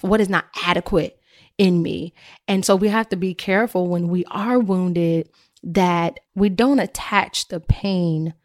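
Woman, podcast host, faith talk, earnest, slow, low-ish voice, dry sound. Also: no echo. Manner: earnest, reflective, addresses listeners directly.

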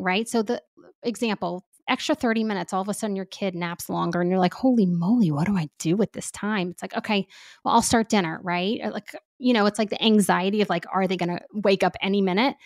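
A woman speaking as a parenting expert guest in casual podcast talk, animated and chatty with lots of fillers. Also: medium pitch, a little fast, no room sound, studio quality.

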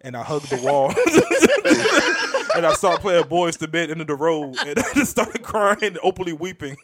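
Podcast co-host, man, teasing and lively, pitch swings all over, slightly high voice, faint hiss behind. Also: measured pace. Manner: joking, teasing, animated. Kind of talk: casual chat.

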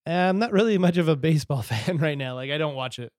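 Laid-back podcast host, dry close sound. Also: male voice, on the high side, expressive, fast, darkish tone, no echo. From Utah. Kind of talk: casual chat.

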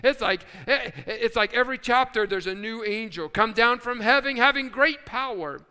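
A man preaching a sermon as pastor, animated and storytelling, sometimes putting on voices for quoted people. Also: very high-pitched, normal speed, clean tone, in a large hall. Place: church sanctuary.

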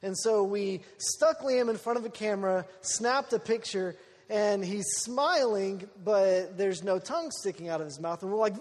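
A man telling a personal story in a sermon, acting out the people he quotes in an animated way. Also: high voice, normal speed. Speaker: preacher. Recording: long hall reverb.

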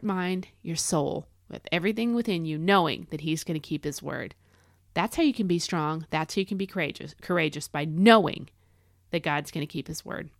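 A woman's voice: medium pitch, no echo, studio quality. A woman hosting a devotional podcast, talking in an earnest, encouraging way and stressing key phrases with emphatic declarations. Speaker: podcast host.

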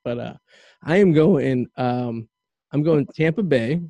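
Rambling male podcast host, mellow voice. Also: medium pitch, slow pace, dry recording. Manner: rambling, stammering restarts. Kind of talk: casual chat.

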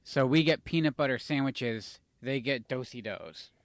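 A man's voice: mid-range voice, normal speed, no echo, clean studio sound. A young adult man co-hosting a casual chat show, rambling, swearing casually and losing his train of thought. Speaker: podcast co-host.

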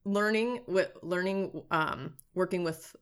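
A middle-aged woman with an unusually low, deep voice for a woman talks as a nutritionist guest. She is chatty and lively. She often acts out her own past thoughts. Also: takes it slowly, clean tone. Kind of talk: casual conversation.

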